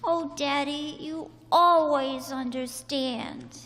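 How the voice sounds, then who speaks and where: A woman's voice: high-pitched, fairly even intonation, slow pace, fairly bright tone, big-room sound, full character voice. A woman playing a sugary, sly young girl. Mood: adoring. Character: sly young girl, sweet to father, defiant. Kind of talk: amateur radio drama acting.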